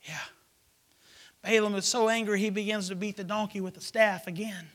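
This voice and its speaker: A man preaching a sermon, acting out a story in character voices and swinging between shouted lines and hushed whispers. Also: sits high, steady tone, moderate pace.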